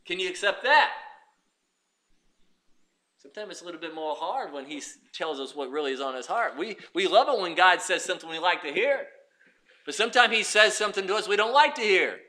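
A man preaching with a very high, piercingly bright voice. He swings from ringing emphasis down to near-whispered asides as he addresses the congregation. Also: animated, brisk. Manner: preaching with swings from loud to hushed. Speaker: pastor. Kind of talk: sermon.

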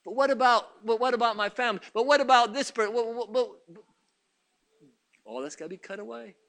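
A man preaching a sermon, dropping to hushed murmurs and then rising to excited shouts, repeating phrases for emphasis. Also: very high-pitched, fairly quick.

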